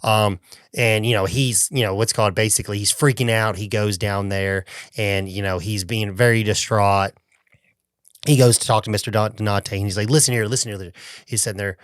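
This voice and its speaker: A man's voice: on the low side, fairly even intonation, moderate pace, clean tone, no room sound, clean studio sound. A man co-hosting a podcast, recapping a film in rambling casual chat and acting out quotes in a raised voice. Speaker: podcast co-host.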